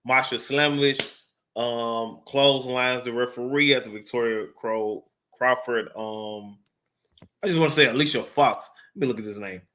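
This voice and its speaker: A man's voice: mid-range voice, normal speed, bright, forceful tone. A man giving a casual, rambling wrestling review off the cuff, full of fillers and swearing. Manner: rambling, profane, filler-heavy.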